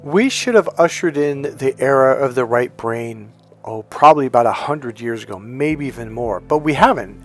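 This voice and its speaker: A man's voice: mid-range voice, lively intonation, moderate pace, faint music behind. A man who works as a dating and relationship coach, giving an emphatic, repetitive motivational monologue. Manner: emphatic, repetitive, preachy lecturing.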